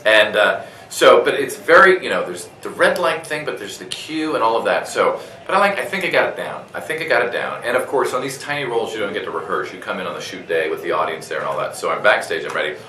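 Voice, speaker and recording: A male voice actor, a guest at a convention interview, telling a story in a lively way, full of fillers, restarts and laughter. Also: fairly low pitch, quick pace, roomy sound, distant mic, poor audio. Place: convention room.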